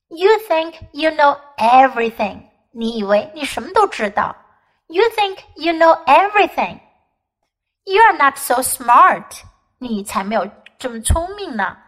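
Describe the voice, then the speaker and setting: A woman with a high, bright voice reads a children's story aloud and turns it into an English lesson. She speaks clearly and patiently, repeating each phrase for young learners. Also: sing-song, slow, poor audio. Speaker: English teacher. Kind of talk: bilingual storybook reading and lesson.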